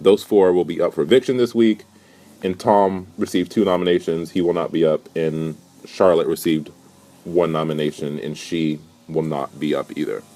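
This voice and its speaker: A man's voice: low voice, fairly even intonation, moderate pace, mellow. A young man giving a casual, gossipy recap of a reality show with a sarcastic, rambling manner. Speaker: vlogger.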